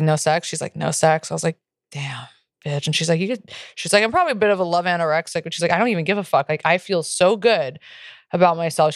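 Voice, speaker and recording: A woman's voice: on the low side, clean tone, dry recording, clean studio sound. A young woman co-hosting a podcast in casual chat, candid and profane, rambling with lots of fillers. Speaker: podcast co-host.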